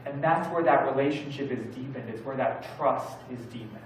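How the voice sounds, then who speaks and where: A man's voice: mid-range voice, fairly quick, slight background noise. Male preacher, chatty storytelling sermon, distant mic in a very reverberant church. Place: church sanctuary. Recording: very echoey church hall from far off.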